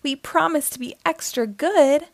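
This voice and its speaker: A woman voicing two mischievous little girl twins in a storybook reading, eager and shouty. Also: high voice, measured pace, vocal fry, no room sound, pitched above the performer's own voice. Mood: playful.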